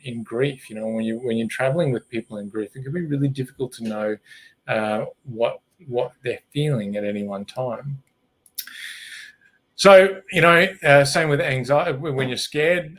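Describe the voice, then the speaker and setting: A middle-aged man talks through a webinar in a loose, conversational way. He is animated, often restarts his sentences and acts out bits of quoted speech. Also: mid-range voice. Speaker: webinar presenter.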